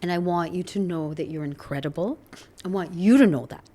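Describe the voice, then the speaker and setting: A woman's voice: lowish voice, a little fast, mellow. A middle-aged woman talking candidly as a podcast guest, earnest and reflective, laughing often.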